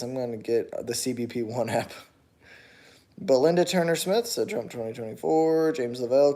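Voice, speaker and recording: A man's voice: mid-range voice, mellow. A man hosting a casual livestream, reading viewer comments aloud and answering them offhand, with chuckles, and turning argumentative when challenged. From United States.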